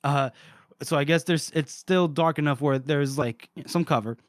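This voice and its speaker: Young man, podcast co-host, casual recap, laughing often, slightly high voice, dry sound. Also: normal speed, no echo. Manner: laughing often, acts out characters' lines. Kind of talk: casual book discussion.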